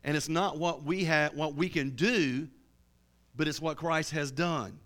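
A man's voice: on the high side, a little slow, fairly bright tone. A man preaching a sermon with fervour, often repeating and restarting his words.

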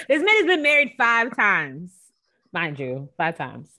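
A woman's voice: fairly low pitch, sharp tone. A young adult woman co-hosting a podcast, gossiping animatedly with exclamations and many fillers. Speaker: podcast co-host. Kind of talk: casual chat.

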